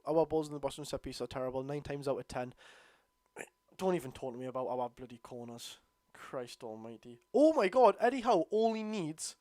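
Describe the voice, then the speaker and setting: A tired Geordie man hosting a live football watchalong, bursting out at the referee and grumbling low between plays. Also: dry recording, clean studio sound. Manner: excitable outbursts at the referee, then low grumbling asides. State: tired, yawning. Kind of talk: live football watchalong commentary, reading chat.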